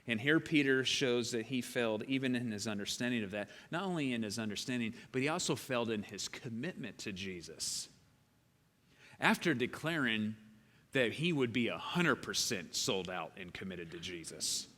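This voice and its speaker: A man pastor preaching a sermon, swinging between loud emphatic bursts and quiet, low passages. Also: lively intonation, normal speed. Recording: long hall reverb.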